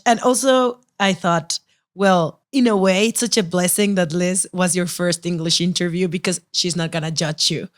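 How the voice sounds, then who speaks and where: A woman podcast host whose first language is Spanish, speaking in an earnest, heartfelt, openly emotional way. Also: medium pitch. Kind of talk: podcast interview conversation.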